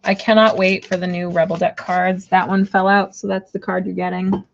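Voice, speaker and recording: A woman's voice: mid-range voice, level tone, moderate pace, vocal fry. Brief: woman, casual live-stream card reader, giggly and rambling, slightly dull lo-fi audio. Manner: giggly, apologetic, rambling with many fillers.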